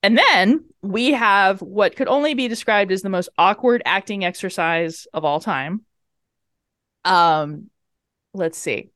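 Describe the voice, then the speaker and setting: A woman's voice: medium pitch, unhurried, dry recording. Woman podcast cohost, rambling movie recap, does the lines, swears a lot, mid voice, dry close mic. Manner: animated retelling with acted-out quotes and swearing. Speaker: podcast co-host. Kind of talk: casual chat.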